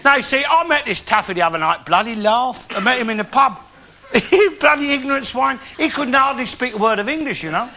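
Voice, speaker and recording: A blustering bigoted old Londoner. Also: male voice, very high voice, expressive, fairly quick. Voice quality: blustering, swears a lot, cockney speech. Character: bigoted grumpy old London working-class man. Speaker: comic character in a live stage show. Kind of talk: in-character comic monologue to a live audience. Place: theatre stage before an audience. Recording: noisy live TV show with audience laughter.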